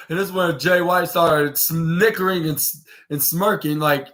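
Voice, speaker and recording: A man's voice: high voice, normal speed. A man hosting a podcast, rambling through a casual wrestling recap with lots of restarts and fillers, and acting out what the wrestlers said. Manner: animated, acts out quoted lines. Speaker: podcast host.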